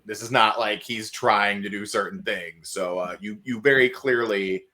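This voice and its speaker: A man runs a sci-fi tabletop session for his players, his voice on the lower side yet bright and forceful. He rambles through scene descriptions with restarts and easy chuckles. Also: steady tone, normal speed. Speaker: game master. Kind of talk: running a tabletop game on a livestream.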